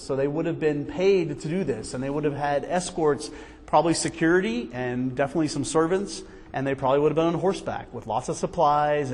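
A man leads a Bible study in a lively, conversational manner, throwing out one rhetorical question after another. His voice sits a little high for a man. A long reverb from the hall lingers after his words.

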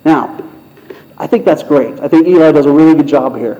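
A man's voice: a little high, fairly quick, mellow. Man preaching a conversational sermon. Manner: storytelling, conversational. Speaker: pastor. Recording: muffled lo-fi sound.

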